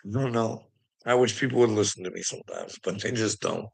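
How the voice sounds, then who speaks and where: A man's voice: lowish voice, brisk, gravelly, husky. A man ranting casually to his viewers, swearing constantly, rambling and laughing between thoughts. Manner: profane, rambling, laughing often.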